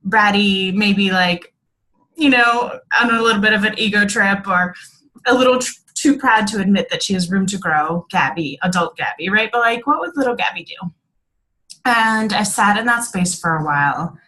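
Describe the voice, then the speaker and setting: A woman talking casually and reflectively about her own experience, with lots of fillers, slowing and softening at tender moments. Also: mid-range voice, expressive, low-quality recording. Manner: chatty, many fillers, drops softer and slower at reflective moments. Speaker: speaker sharing a personal story.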